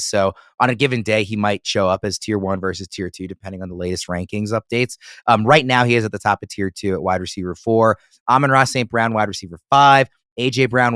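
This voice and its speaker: Low-voiced man hosting a sports chat. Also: a bit bright, no room sound, clean studio sound. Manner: moderating, leading the talk with questions. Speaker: podcast host. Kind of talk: casual sports analysis chat.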